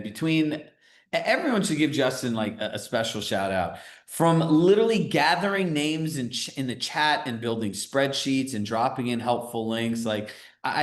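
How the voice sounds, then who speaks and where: Energetic male coach on a video call. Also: medium pitch, echoey room. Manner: energetic, conversational, filler-heavy with frequent "right?". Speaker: real estate business coach.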